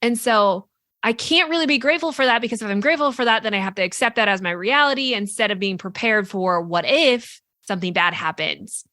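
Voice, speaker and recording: A woman's voice: mid-range voice, a little fast, sharp tone, no room sound, studio quality. A woman co-hosting a podcast, talking earnestly in casual reflective chat, full of "like" and "right?" as she explains. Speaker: podcast co-host.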